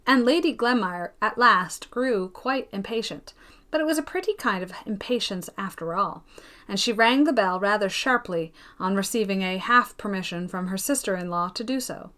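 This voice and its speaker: A woman reading a classic novel aloud in an even, gentle storytelling manner. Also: mid-range voice, moderate pace. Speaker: narrator of an audiobook. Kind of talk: scripted audiobook narration.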